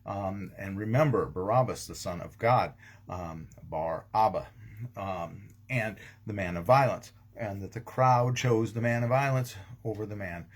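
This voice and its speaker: A man's voice: lowish voice, a little slow. A man, a pastor, giving a casual daily devotional talk, rambling with frequent ums and restarts. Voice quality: gravelly, husky.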